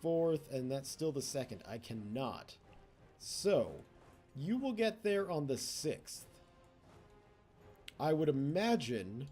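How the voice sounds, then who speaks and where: A man's voice: medium pitch, big pitch swings, takes it slowly, darkish tone, soft background music. A man giving casual gameplay commentary as a let's play host, chatty and teasing the computer opponents.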